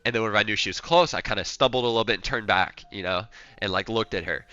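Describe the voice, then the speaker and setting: A man's voice: lowish voice, fast, smooth, lo-fi sound. A young man telling a story in a loose, rambling way, acting out what people said. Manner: rambling, animated, acts out quotes. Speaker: streamer. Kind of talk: casual storytelling.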